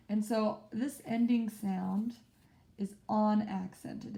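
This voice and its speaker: A woman's voice: mid-range voice, steady tone, slow pace, creaky, warm tone. A woman teaching a spelling lesson to a small group in a classroom, explaining patiently and stretching out example words. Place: classroom with whiteboard.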